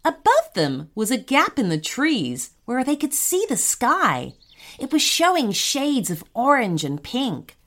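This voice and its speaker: A woman narrating a children's story in an animated storytelling manner. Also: sits high, unhurried.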